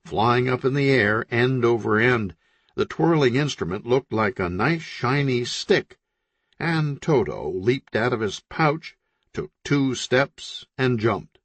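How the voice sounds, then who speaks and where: A man reading a crime novel aloud as an audiobook narrator, expressive and voicing each character. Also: medium pitch, slow, no echo. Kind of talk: scripted narration.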